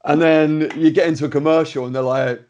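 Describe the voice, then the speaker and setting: A man, hosting a podcast and telling an animated personal story in a casual chat. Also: fairly high pitch, fairly quick, highs cut off. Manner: animated anecdote-telling, with many fillers and restarts. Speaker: podcast host.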